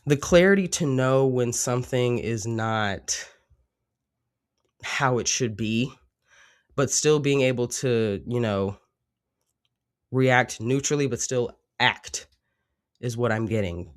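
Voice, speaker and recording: A man's voice: medium pitch, takes it slowly, long pauses, clear, resonant tone. A man with a congested cold voice, giving a casual, rambling tarot reading with many fillers. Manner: rambling, reflective, with frequent fillers. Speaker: tarot reader.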